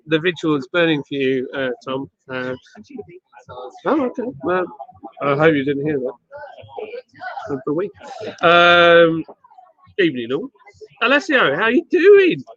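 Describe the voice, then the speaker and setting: Bloke hosting a pub-style livestream: chatty, jokey, stop-start, voice a bit high, sound dull and lo-fi. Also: male voice, animated, a bit bright. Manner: chatty, joking, halting with fillers. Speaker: livestream host. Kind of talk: casual pub chat on a livestream. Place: independent bottle shop bar.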